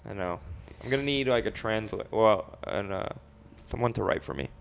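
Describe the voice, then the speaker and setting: A man co-hosting a comedy podcast, chatting casually in a deadpan way and reading messages aloud. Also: fairly low pitch, normal speed, vocal fry. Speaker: podcast co-host. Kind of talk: casual banter.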